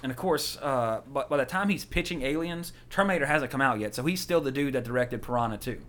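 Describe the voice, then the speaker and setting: Fast-talking rambling male podcast host. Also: mid-range voice, fairly bright tone. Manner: rambling storyteller, laughs often. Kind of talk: casual chat.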